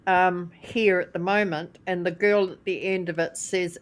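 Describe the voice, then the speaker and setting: A woman with a New Zealand accent, co-hosting a casual podcast in a measured way, precise about how words are said. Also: on the low side, steady tone. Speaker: co-host.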